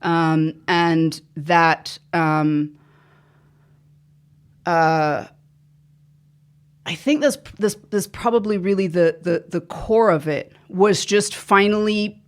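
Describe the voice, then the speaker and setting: A woman's voice: lowish voice, takes it slowly, long pauses. A woman being interviewed on a podcast, an actor who rambles and drifts off track in casual chat. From the islands, came to America at seven.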